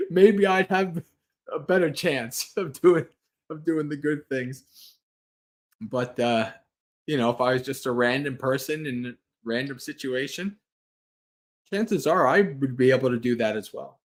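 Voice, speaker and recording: A man's voice: on the high side, measured pace, pauses often. A man who is a Buddhist monk, hosting a livestream and giving a casual Dharma talk, earnest and rambling, restarting his sentences and laughing lightly.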